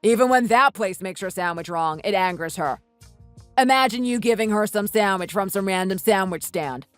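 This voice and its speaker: A woman voicing an impatient young husband in a voiced texting story, dropping her voice lower and speaking curtly. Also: normal speed, dry recording, soft background music, natural voice. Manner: lowered voice, curt and scolding.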